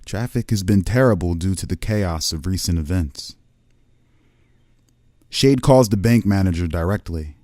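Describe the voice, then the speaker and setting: A man's voice: low-pitched, measured pace, pauses often, warm tone, dry recording, studio quality. A man narrating a tabletop game as game master, describing each scene like a camera at work. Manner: cinematic, descriptive scene-setting.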